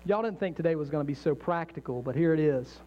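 Earnest pastor, dull lo-fi sound. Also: male voice, a little high, fast. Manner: earnest, conversational preaching with jokes and acted-out inner voices. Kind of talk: sermon. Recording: dull lo-fi sound with faint mains hum.

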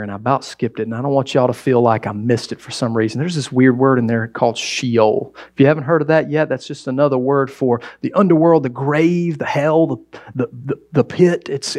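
A man preaching a sermon as pastor, talking to the church in a conversational way that jumps between loud exclamations and quiet asides. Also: medium pitch.

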